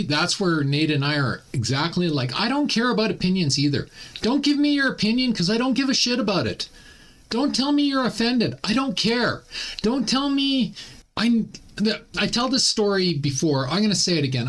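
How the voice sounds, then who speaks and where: A man's voice: sits high, big pitch swings, brisk, fairly bright tone. A Canadian man hosting a casual opinion commentary, blunt and ranting. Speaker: commentary channel host.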